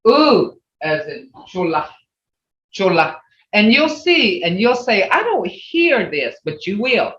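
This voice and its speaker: A Mvskoke language teacher, a Creek speaker, leading an online class and patiently repeating each word slowly and reassuringly. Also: mid-range voice, sing-song, fairly bright tone. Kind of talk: online language class over video call. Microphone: video call. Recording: roomy, distant, dull video-call audio.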